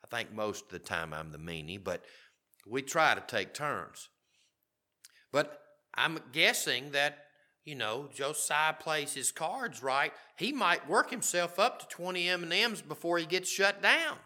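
A man's voice: fairly high pitch, animated, unhurried, bright, forceful tone. A middle-aged man preaching a sermon, reading scripture aloud and commenting on it in a conversational way. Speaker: pastor.

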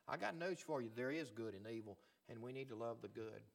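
A man preaching a sermon as pastor, swinging from loud emphatic lines to quiet, low ones. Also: expressive, brisk, gravelly.

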